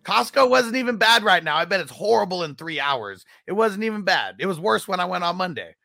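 A man hosting a casual football podcast, his voice high and bright with a gravelly fry. He banters in loose slang and laughs easily between points. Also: very animated, brisk. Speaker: podcast host. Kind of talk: casual sports podcast chat.

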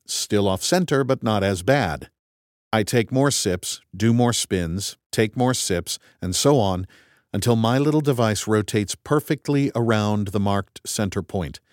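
A male narrator reading a first-person story with a low voice and a wry, methodical delivery. The recording is dry and close, with no room sound. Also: a little slow, darkish tone, no echo. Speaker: audiobook narrator.

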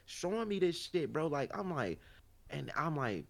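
A Chicago-accented podcast co-host tells stories in casual chat, loose, animated, profane, and heavy on slang. His voice is a little high with vocal fry, at normal speed.

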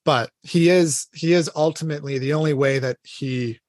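A man's voice: fairly high pitch, normal speed, dry recording. An earnest man talks through faith and everyday life in a casual, conversational way, dropping plenty of fillers. His voice is recorded close and dry, with no room sound. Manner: earnest, retells scripture conversationally with many fillers. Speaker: podcast co-host.

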